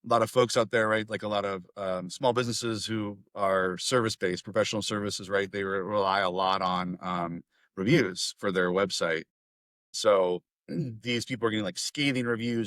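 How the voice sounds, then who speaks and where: A man hosting a podcast in casual conversation, animated and laughing often as he talks in quick bursts. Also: fairly low pitch, dry recording. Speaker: podcast host.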